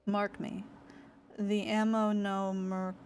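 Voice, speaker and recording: A woman voicing a proud, stern male samurai in a game, speaking slowly and formally. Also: medium pitch, little pitch movement, darkish tone, faint music behind.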